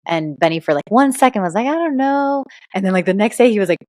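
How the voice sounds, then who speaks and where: A Cuban-American woman, a guest on a podcast, chatting casually and telling animated stories with plenty of fillers. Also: medium pitch, rapid-fire, dry recording. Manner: animated storyteller, many fillers. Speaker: guest, intuitive reader and author.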